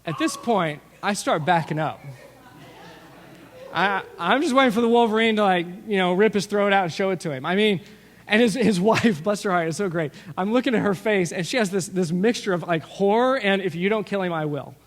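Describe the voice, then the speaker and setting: A middle-aged man preaching a sermon as pastor, telling stories with lively asides and acting out what people said. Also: sits high, normal speed. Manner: storytelling, animated with asides and acted-out quotes. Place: church sanctuary. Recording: long reverb of a large hall.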